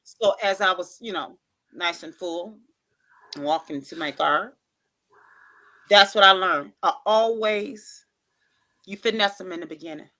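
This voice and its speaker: A woman's voice: on the low side, measured pace, pauses often, bright, forceful tone. A woman hosting a casual storytelling vlog, chatty and playful, who often acts out the dialogue. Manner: chatty and informal, with many interjections. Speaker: channel host.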